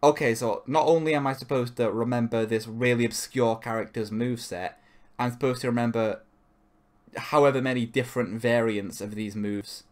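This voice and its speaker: In casual podcast conversation, this male co-host rambles, interrupts himself, and swears frequently. He speaks in a medium pitch at a moderate pace with fairly even intonation.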